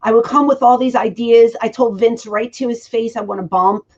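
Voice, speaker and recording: A woman's voice: a little high, moderate pace. A woman in her forties telling stories in an interview, acting out quoted dialogue. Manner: animated storyteller who acts out quoted dialogue. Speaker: interview guest. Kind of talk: storytelling in a shoot interview. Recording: dull lo-fi recording.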